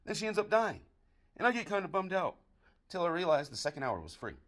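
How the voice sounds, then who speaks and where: In a high-pitched voice and at a brisk pace, an American man tells dirty jokes as a crude comedic story laced with cursing. He plays the barroom joke teller, keeping his delivery dry and deadpan.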